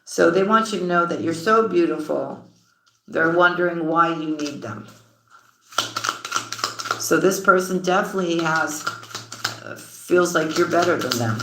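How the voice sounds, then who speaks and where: A woman's voice: on the low side, unhurried, long pauses, roomy sound, noisy background. A woman giving a tarot reading, chatty and affectionate, calling her viewers sweetheart and honey. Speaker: tarot reader. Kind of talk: tarot reading and livestream shout-outs.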